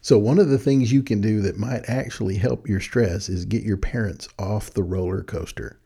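An older man giving friendly, animated advice to young people in a folksy storytelling manner. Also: on the low side, normal speed, creaky, breathy edge. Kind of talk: casual talk.

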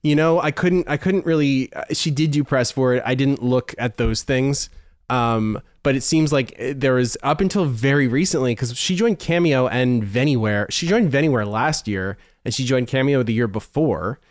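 Homme bavard au ton ironique, son sec. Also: male voice, medium pitch, moderate pace, no room sound, clean studio sound. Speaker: podcast co-host. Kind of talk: casual chat.

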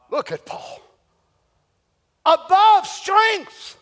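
A man preaching with a very high, bright, ringing voice. He drops to a hush, then climbs into loud emphatic shouts. His voice rings out with a long hall reverb behind it. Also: moderate pace. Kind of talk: sermon.

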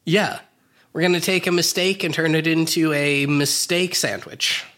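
Young man, podcast co-host, bright tense tone, slightly high voice, wry recaps. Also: steady tone, moderate pace. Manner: recaps plot with wry asides. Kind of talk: casual comedic podcast chat.

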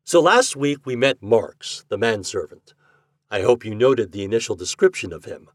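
A man reads classic fiction aloud in a low, husky voice with a lively, expressive pitch. His delivery is measured and close, with a dry, unreverberant sound. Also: no room sound. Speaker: podcast host and reader.

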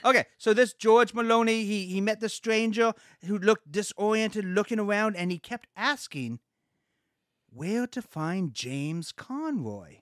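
A man's voice: high-pitched, a little slow, fairly bright tone, no echo, studio quality. A man hosting a casual podcast chat, telling local ghost stories and acting out quoted lines along the way. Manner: chatty, acts out quoted lines with small voice shifts.

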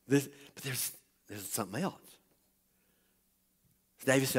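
A man preaching a sermon, retelling a Bible story with animated energy and calling on the congregation to listen up. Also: mid-range voice, moderate pace, long pauses, breathy edge. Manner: animated, talks directly to the congregation. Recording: long hall reverb.

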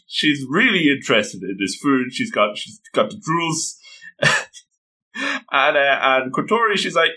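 A man recaps an episode in a casual, gushing way and acts out the quotes as he goes. His voice is bright and forward, and his pitch swings widely. His pitch sits in the middle range. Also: big pitch swings, moderate pace, rough recording. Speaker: anime recap host.

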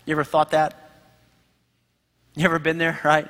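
A man preaching a sermon as pastor, animated and conversational, acting out the voices he quotes. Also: fairly high pitch, moderate pace, pauses often. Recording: reverberant hall.

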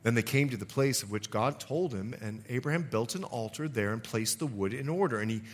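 A male pastor preaching a sermon, reading scripture aloud and commenting between verses, his voice climbing high on the key lines. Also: fairly quick.

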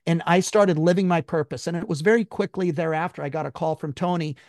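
A man, a guest in an interview, telling a personal story in an emphatic, high-strung way and swearing freely. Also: steady tone, brisk, darkish tone, dry recording, clean studio sound.

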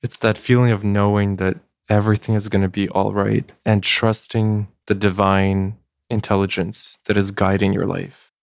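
A man hosting a podcast, asking calm, reflective questions. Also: on the low side, moderate pace, gravelly, no room sound, studio quality. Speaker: podcast host. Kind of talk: interview questions.

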